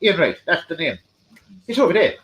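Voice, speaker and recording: A man voicing a loud, swearing Irish pub owner who shouts directions and keeps repeating himself. He speaks in an Irish accent. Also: a little high, big pitch swings, fairly quick, muffled recording, slight background noise, pitched above the performer's own voice. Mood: excited.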